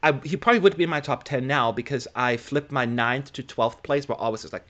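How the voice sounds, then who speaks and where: A man's voice: medium pitch, a little fast, sharp tone, muffled recording. Man, co-host, casual chat, jokey, mid-range voice. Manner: chatty, jokey, reads viewer questions. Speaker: live stream co-host.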